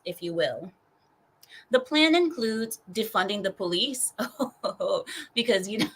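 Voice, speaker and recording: Young woman host with a sarcastic, animated ranting delivery and a bright voice. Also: mid-range voice, rough recording. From California. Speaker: streamer and host. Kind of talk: ranting news commentary.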